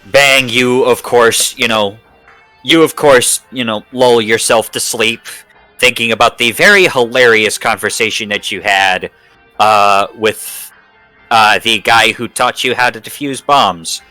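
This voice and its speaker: A man running a tabletop game, talking slowly and stopping often with uh and restarts. His voice is bright and forward, and faint music plays in the background. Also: mid-range voice, low-quality recording. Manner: slow, halting, with many fillers. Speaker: game master.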